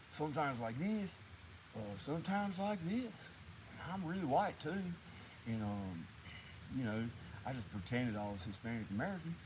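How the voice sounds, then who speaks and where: Hesitant older drifter, rambling life story, lots of pauses, as a man puts him on. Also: on the high side, a little hiss or hum, natural voice, low-quality recording. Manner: halting, full of ums and trailing pauses. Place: woods outdoors.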